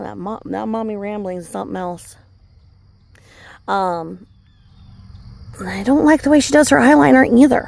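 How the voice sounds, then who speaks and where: A woman's voice: mid-range voice, normal speed, creaky, pauses often, darkish tone, no echo. A woman vlogging outdoors by a remote river, chatty and rambling with many fillers and asides, filmed on a handheld phone. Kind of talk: casual rambling vlog narration.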